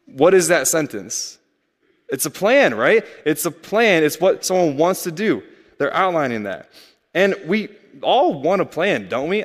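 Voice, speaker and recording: A young man preaches in a relaxed, chatty manner, tossing rhetorical questions to his congregation. His voice sits a little high for a man. The sound carries the long reverb of a big church hall. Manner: conversational, asks rhetorical questions. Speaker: pastor. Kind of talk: sermon.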